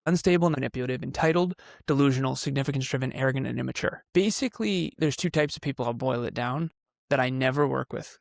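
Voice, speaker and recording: Fast-talking and mid-range with audible vocal fry, this CEO comes across clearly with no echo. As a podcast guest he's fervent and insistent, escalating his arguments and breaking into the odd laugh.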